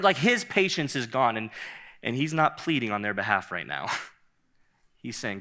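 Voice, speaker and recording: A man preaching a sermon in a conversational, animated way, often laughing and repeating himself. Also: medium pitch, measured pace. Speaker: pastor.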